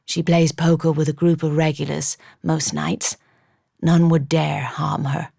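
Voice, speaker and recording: A woman voicing a stern, commanding young American gentleman in an audiobook, clipped and firm. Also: deep voice, a little slow, creaky, dry recording, studio quality, full character voice. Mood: measured.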